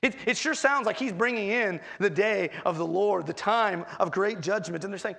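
A man preaching a sermon as pastor, expressive, acting out quoted voices with swings in pitch. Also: normal speed, creaky, few pauses.

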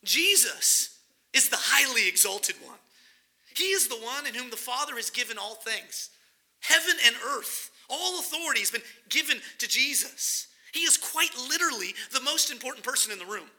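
A man preaching a sermon, explaining a scripture passage and acting out its characters with animated emphasis. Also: very high-pitched, moderate pace. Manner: animated, dramatizing the scripture with acted-out voices.

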